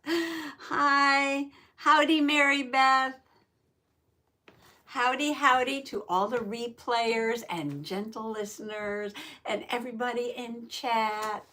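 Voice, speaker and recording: A woman hosting a craft journaling live stream, greeting viewers by name in a folksy, chatty way with soft laughs. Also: a little high, steady tone, slow. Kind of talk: casual live-stream chat.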